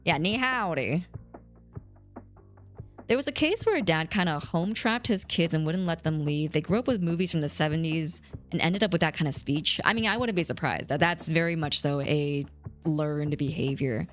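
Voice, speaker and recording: Woman streamer around thirty, low voice, lively swoops in pitch, casual chat, faint music behind. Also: brisk. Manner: reads chat aloud, animated, laughs often.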